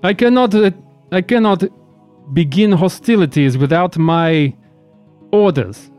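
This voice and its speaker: A stern male Duergar warrior, played by a man running a tabletop game, speaks in slow, halting, formal phrases. His voice sits a touch high for a man. Faint music plays underneath. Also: expressive, a little mellow, clean tone. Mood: nervous.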